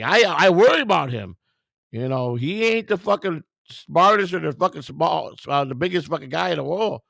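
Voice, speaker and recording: A man's voice: a little high, lively intonation, moderate pace, vocal fry, fairly bright tone, no room sound, studio quality. A tired man hosting a live stream, reading viewer comments and firing back at them in a combative, profane way. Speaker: livestream host.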